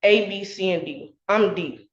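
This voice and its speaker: A woman's voice: mid-range voice, unhurried. A young woman speaking as a tenant in court, hesitant and defensive, with many fillers. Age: young adult. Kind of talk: courtroom testimony. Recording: echoey courtroom recording, dull sound.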